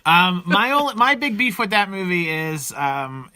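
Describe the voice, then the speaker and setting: Bright-voiced jokey man chatting. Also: high-pitched, big pitch swings, measured pace, no echo. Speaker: podcast co-host. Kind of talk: casual chat about movies.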